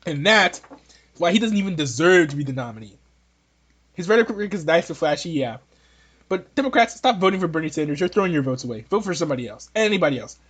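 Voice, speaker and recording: A man's voice: on the high side, lively intonation, quick pace, fairly bright tone, breathy edge. A man hosting a podcast, giving casual political opinions in a rambling, joking way with many restarts. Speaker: podcast host.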